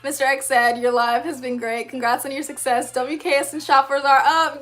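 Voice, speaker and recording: Young female streamer, high voice, animated and laughing, casual chat over soft background music. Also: normal speed. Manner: animated and upbeat, laughs often, uses slang. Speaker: livestream host, animator. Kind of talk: casual livestream chat reading comments.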